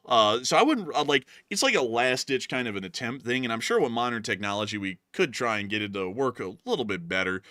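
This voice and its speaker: A stream host with a low, bright, forceful voice that sounds a little strained today. He answers viewers casually, with drawn-out "uh"s, and his pitch jumps up suddenly in places. The sound is dry and close. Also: dry recording. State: voice feels strained. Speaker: show host. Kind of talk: live stream super chat replies.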